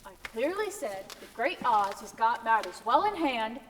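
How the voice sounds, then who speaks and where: A woman's voice: fairly high pitch, sing-song, normal speed, far from the mic, background noise. A woman playing a blustering gatekeeper in an amateur stage play, bossy and repeating orders, heard from afar in a reverberant hall. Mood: shooing. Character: gruff gatekeeper guarding the wizard's door. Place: theater stage.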